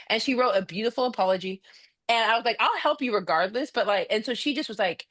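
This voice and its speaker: A woman, a mediator and former coach, talking in a direct, animated way as a podcast guest. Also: a little high, fast. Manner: direct, animated storytelling with acted quotes. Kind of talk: casual conversation.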